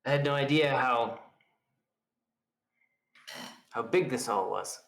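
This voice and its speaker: A man's voice: medium pitch, normal speed, vocal fry, fairly bright tone. Hesitant man in an echoey room. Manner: hesitant, repeats words. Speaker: player. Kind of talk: in-character tabletop role-play.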